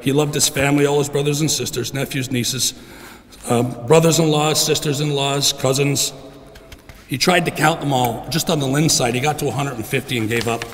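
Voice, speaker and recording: A middle-aged man giving a heartfelt funeral eulogy for his father in a church, clearing his throat often. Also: mid-range voice, steady tone, moderate pace. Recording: long reverb in a church.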